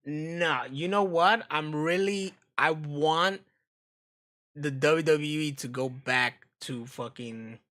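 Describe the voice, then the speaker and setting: A man's voice: on the high side, takes it slowly, bright, forceful tone. An American man streaming, chatting casually and profanely while reacting to videos, often laughing. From United States.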